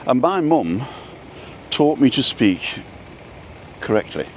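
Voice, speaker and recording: A man's voice: mid-range voice, expressive, normal speed. A middle-aged man from North Manchester, chatting casually and joking through rambling memories while walking. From North Manchester, England. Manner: jokey, rambling reminiscences. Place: outdoors on a town street. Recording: faint outdoor street noise.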